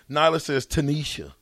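A man's voice: on the high side, no room sound, clean studio sound. A man hosting a radio show in casual banter, reading listener texts aloud with a playful, teasing manner. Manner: playful, teasing, laughs often, animated. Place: radio studio.

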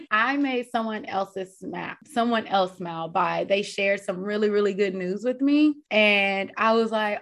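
A woman's voice: medium pitch, normal speed. A young adult woman co-hosting a casual podcast chat. She gushes and laughs easily as she talks. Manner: animated, gushing, laughs easily. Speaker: podcast co-host.

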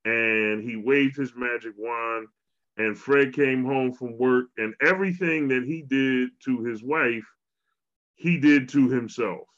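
A man's voice: mid-range voice, takes it slowly. Man telling a story, dull lo-fi sound. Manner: animated storyteller, preachy wrap-up. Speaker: podcast co-host. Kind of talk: podcast conversation.

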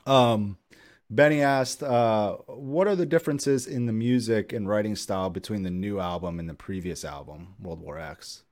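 Low voiced podcast host dude, hyped, slangy, cussing casually. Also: male voice, moderate pace, a little mellow. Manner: enthusiastic, slangy, swears freely.

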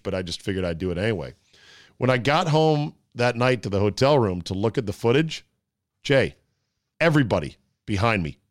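A man's voice: medium pitch, no echo, clean studio sound. A man hosting a casual sports talk podcast, rambling and self-deprecating as he chats with a guest.

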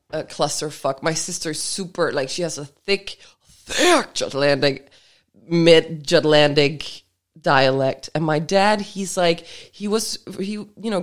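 A Danish woman speaking English with an American-sounding accent, playful and giggly, swearing casually in a relaxed chat. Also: deep voice. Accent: American-sounding English learned from TV. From Denmark. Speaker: podcast co-host.

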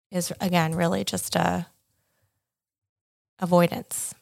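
Direct, lower-voiced woman co-host. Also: little pitch movement, slow pace, gravelly, a little mellow. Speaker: podcast co-host. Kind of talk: casual chat.

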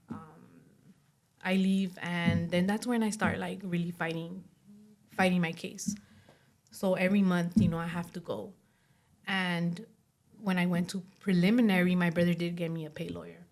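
A young woman appears as an interview guest and casually tells a personal story, her voice lowish, level and somewhat dark. She talks in quick bursts packed with "like" and acts out what other people said.

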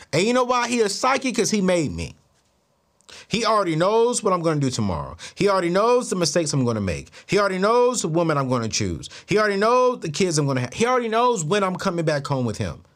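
A man hosting a talk show, telling stories casually and acting out the dialogue, with exclamations that leap up in disbelief and a preachy turn toward faith. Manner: animated, acts out dialogue, jumps to high incredulous exclamations. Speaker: show host. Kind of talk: casual storytelling to the camera.

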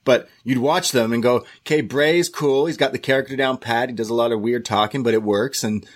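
A man with an ordinary mid-pitched voice chats as a podcast co-host. He rambles, restarts his sentences and leans on fillers. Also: steady tone, fairly quick. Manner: rambling, filler-heavy with repeated words. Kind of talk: casual chat.

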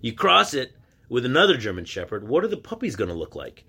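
A man's voice: medium pitch, huge pitch swings, a little fast, gravelly, sharp tone, breathy edge. Man telling stories in a casual podcast. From United States. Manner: conversational storytelling, acting out quoted voices; frequent restarts and filler words. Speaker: podcast host. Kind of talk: casual solo podcast monologue.

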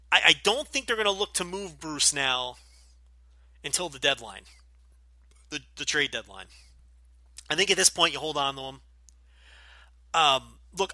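Jersey guy doing podcast q&a, blunt and sweary, really sharp bright voice, dead dry sound. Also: fairly high pitch, no echo. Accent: New Jersey. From Northeastern US, New Jersey. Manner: blunt, profane, opinionated. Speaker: podcast host. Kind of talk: casual Q&A podcast.

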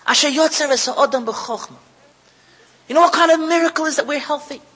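A man's voice: very high-pitched, fairly quick, pushed and bright. A man giving an emotional Torah talk, repeating phrases and sounding close to tears. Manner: heartfelt, repetitive, moved close to tears. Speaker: lecturer running a kollel. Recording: long hall reverb.

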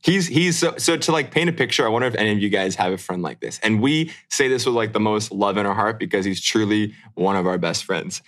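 A man's voice: on the low side, a bit bright. A man in his thirties, a podcast co-host and airline pilot, talking in a laid-back, rambling way and laughing often. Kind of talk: casual chat.

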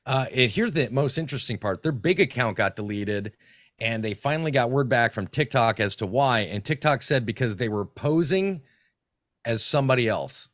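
A man guesting on a podcast, telling stories in a casual, animated, profane way with frequent restarts. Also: medium pitch, normal speed, no room sound, studio quality. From North Carolina. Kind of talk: casual storytelling.

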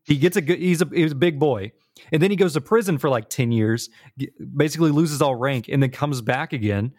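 A man in his thirties co-hosting a casual chat, relaxed and rambling, laughing often. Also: fairly high pitch, brisk. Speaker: podcast co-host.

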